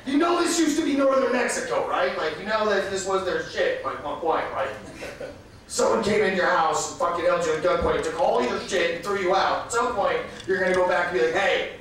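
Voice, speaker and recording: A fairly high-voiced man doing stand-up in a small club, rambling through his bits with lots of fillers and sudden shouts. He sounds far from the mic, in a very echoey room with faint noise behind him. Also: animated, a little fast. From Massachusetts. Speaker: stand-up comedian. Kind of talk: stand-up comedy set. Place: small comedy club, live audience.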